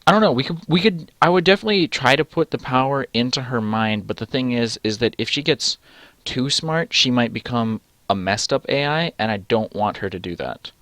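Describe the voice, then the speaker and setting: A man's voice: medium pitch, a little fast, a bit bright, no room sound. A young man reading a choose-your-own-adventure game aloud and rambling through his choices, cutting himself off mid-sentence and swearing casually. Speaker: let's-play host.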